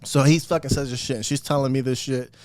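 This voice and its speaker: A man's voice: medium pitch, quick pace, dry recording. Guy telling a wild story on a podcast, swears a lot, acts out the quotes, dry close mic. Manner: profane, animated storytelling with acted-out quotes. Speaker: podcast guest. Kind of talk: casual storytelling.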